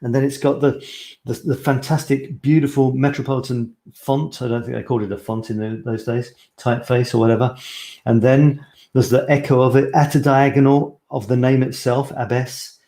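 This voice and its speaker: A man's voice: medium pitch, steady tone, normal speed, mellow, echoey room. A man hosting a casual live stream as a photography coach, talking in a rambling, chatty way and often correcting himself.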